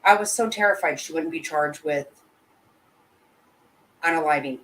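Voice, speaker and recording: A woman with a low voice gives live commentary to her chat. She talks bluntly and emotionally, swears freely and keeps breaking off and restarting her sentences. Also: normal speed, long pauses, a bit bright, slight background noise, poor audio. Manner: blunt and heated, with frequent swearing. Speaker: channel host.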